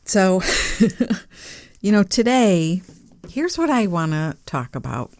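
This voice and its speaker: A woman hosting her podcast, talking gently and reflectively to her listeners with playful asides. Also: mid-range voice, sing-song, slow, no room sound, studio quality. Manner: soft, warm-hearted, musing, with playful asides and small laughs. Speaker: podcast host.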